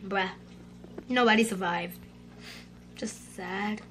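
A woman giving excitable gameplay commentary for her channel, with dramatic outbursts and moments of frustration. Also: medium pitch, slow. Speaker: gaming YouTuber.

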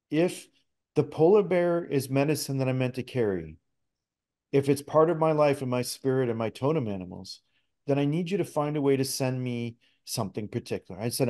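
Middle aged canadian guy telling a story on a podcast, earnest, trips over his words, average pitch. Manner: earnest, animated storyteller with frequent restarts. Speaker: podcast guest, spirit talker. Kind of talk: casual storytelling interview.

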